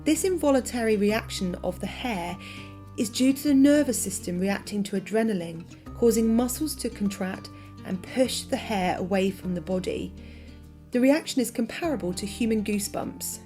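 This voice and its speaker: A woman gives a scripted voice-over narration, her pitch in a middle range. She reads in a clear, even, informative way, with faint music running under her voice. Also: normal speed.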